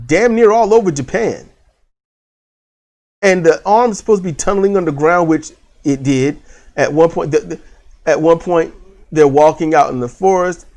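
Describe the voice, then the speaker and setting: A man's voice: fairly high pitch, a little mellow. A man giving a casual, rambling movie review, full of restarts and fillers and the odd swear word.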